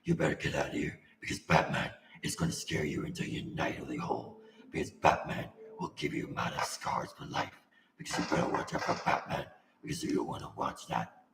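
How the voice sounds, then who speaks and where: A man doing a deep, gravelly, half-whispered impression of a menacing male caped crusader during gaming commentary, in an echoey room. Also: a little fast, very noisy. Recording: echoey room with long reverb.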